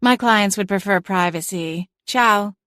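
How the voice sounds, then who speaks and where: A woman voicing a sassy, vain talking female cat in an audiobook, imperious and sharp-tongued. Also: mid-range voice, measured pace, no room sound, clean studio sound. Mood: airy put-on. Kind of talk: audiobook character voice.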